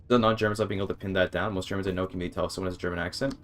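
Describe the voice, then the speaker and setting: A man's voice: deep voice, fairly even intonation, racing. A man streaming a video game, chatting casually with his viewers, swearing and restarting sentences when frustrated. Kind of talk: casual gaming livestream commentary.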